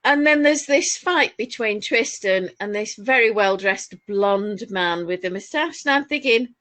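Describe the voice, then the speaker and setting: A woman's voice: mid-range voice, expressive, unhurried, hardly any pauses, a bit bright. A woman with a Northern English accent, co-hosting a knitting chat, telling stories with rambling asides. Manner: chatty storyteller, rambling asides. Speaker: podcast co-host. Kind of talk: casual chat while knitting.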